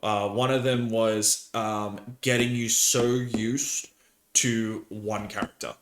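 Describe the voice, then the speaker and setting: A man, a podcast host and dungeon master, chatting casually and telling animated stories with laughter. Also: lowish voice, slow, roomy sound, slight background noise. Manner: rambling, animated storytelling with laughs.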